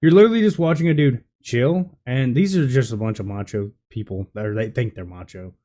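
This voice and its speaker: A man's voice: mid-range voice, fairly quick, warm tone. A man giving casual reaction commentary on a clip, blunt and scornful, swearing freely.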